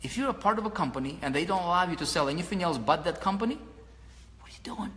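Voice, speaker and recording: A man giving a motivational marketing talk to an audience, animated, asking the listeners questions and repeating his points while pacing around. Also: high voice, racing, in a large hall. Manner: paces around while talking. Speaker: online marketing mentor.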